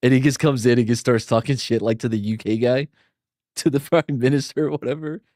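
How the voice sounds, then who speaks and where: A podcast co-host with a warm, steady, medium-pitched voice talks fairly quickly in a dry, studio-quality recording. Chatting casually, he jokes, laughs a lot, keeps restarting his sentences, and slips into mock impressions.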